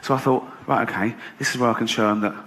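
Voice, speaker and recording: Sardonic English comedian, live on stage. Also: male voice, mid-range voice, fairly even intonation, fast talker, a bit bright. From England. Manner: sardonic, mock-boastful, acts out quoted voices. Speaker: stand-up comedian. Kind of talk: stand-up routine. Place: comedy stage before a laughing audience. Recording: live stage recording with audience noise. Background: audience laughter.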